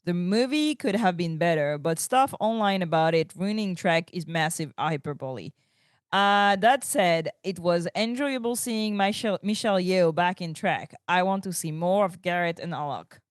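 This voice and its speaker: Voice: mid-range voice, moderate pace, no echo, studio quality. A podcast co-host reading a listener's message aloud, giggly and teasing in the chat. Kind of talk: casual chat.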